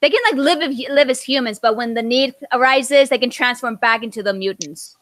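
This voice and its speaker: A woman co-hosting a podcast in casual chat, halting and full of restarts as she gathers her thoughts. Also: a little high, fairly bright tone, dry recording. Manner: halting, many fillers and restarts. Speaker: podcast co-host.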